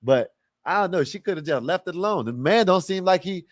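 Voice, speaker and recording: A man's voice: high voice, lively intonation, fairly quick, no room sound, studio quality. A man hosting a livestream, giving blunt, profane commentary on a video clip and asking rhetorical questions. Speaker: livestream host reacting to a clip. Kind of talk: casual live commentary.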